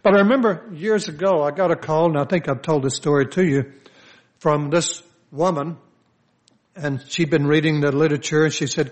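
A man's voice: a little high, moderate pace. An older man, a pastor, preaching a conversational sermon full of personal stories, often restarting his sentences. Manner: conversational, anecdotal, with frequent restarts. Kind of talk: storytelling sermon.

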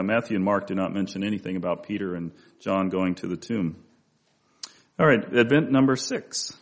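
A man's voice: fairly low pitch, vocal fry. A man preaching a conversational Bible-study sermon, with asides and restarts as he talks.

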